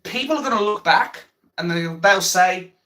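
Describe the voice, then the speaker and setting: A man's voice: high-pitched, lively intonation, moderate pace, sharp tone. A man on a livestream, ranting bluntly about politics with plenty of swearing and repetition, stopping to answer viewer chat. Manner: blunt, heavy swearing, repeats himself.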